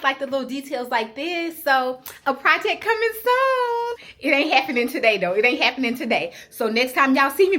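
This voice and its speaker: A young woman vlogging casually to her viewers, chatty and animated, speaking. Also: high-pitched. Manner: chatty, animated, says "y'all" often. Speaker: lifestyle vlogger. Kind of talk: casual vlog chat to viewers.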